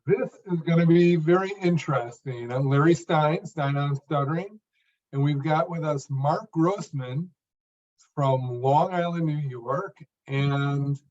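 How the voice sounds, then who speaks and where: Male interview host, friendly questioner, higher voice on a muffled lo-fi recording. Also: a little mellow. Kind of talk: interview conversation. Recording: dull lo-fi sound.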